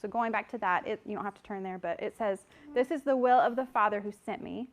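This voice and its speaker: A woman's voice: mid-range voice, brisk. A woman teaching a Bible study and reading scripture aloud, earnest and conversational, a little out of breath at the mic. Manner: earnest, conversational, apologetic asides. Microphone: microphone.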